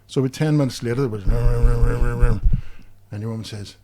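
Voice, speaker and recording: A man's voice: mid-range voice, racing, noisy background. A man with a Belfast accent, co-hosting a podcast and telling rambling funny anecdotes full of fillers. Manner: chatty storyteller with many fillers, laughs at own jokes. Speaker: podcast co-host. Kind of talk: casual anecdotal chat.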